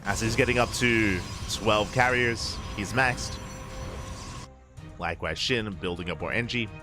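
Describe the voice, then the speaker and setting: A man casting a live strategy game match with quick play-by-play, breaking into excited shouts at big plays. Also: lowish voice. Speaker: esports caster.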